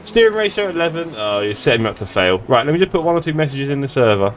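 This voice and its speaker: A man's voice: mid-range voice, sing-song, fast, hardly any pauses, a little hiss or hum. A man chatting casually and joking at his own expense while live-streaming a sim race. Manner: chatty, joking, self-deprecating. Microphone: desktop streaming mic.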